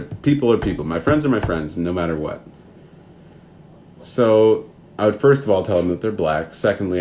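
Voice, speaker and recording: A man's voice: deep voice, darkish tone, a little hiss or hum. A man from Minnesota giving an earnest, rambling spoken answer, full of restarts and asides.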